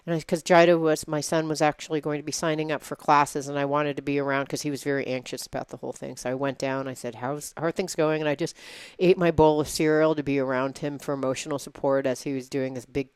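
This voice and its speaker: A woman in her forties tells a personal story in a casual talk show, with lively acted-out asides. Her voice is low and smooth. It is recorded dry and close. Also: quick pace, no echo. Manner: animated storytelling, acts out her own inner voice. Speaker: podcast co-host. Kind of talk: casual chat.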